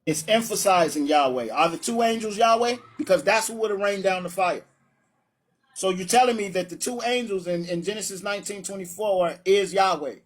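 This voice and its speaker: A man with a high voice hosts a live-streamed religious debate. He is brash and taunting, calls challengers up to speak and laughs at his own points. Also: brisk.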